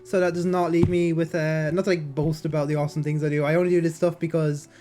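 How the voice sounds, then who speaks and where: A woman's voice: deep voice, flat delivery, fast talker. A woman streaming, chatting and reading aloud with a slightly nasal voice and a sore throat, rambling through fillers and restarts. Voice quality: somewhat nasal. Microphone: basic mic, no headset.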